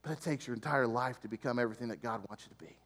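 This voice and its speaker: A man's voice: mid-range voice, racing, fairly bright tone, in a large hall. A male pastor preaching a sermon in a church, earnest and explanatory, building emphatic repeated lists.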